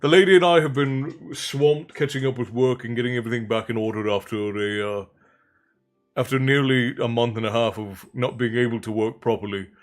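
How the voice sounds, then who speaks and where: This livestream storyteller speaks fairly quickly in a mid-range voice with fairly even intonation. Between passages he reads aloud, he chats in a friendly, meandering way and welcomes viewers warmly by name.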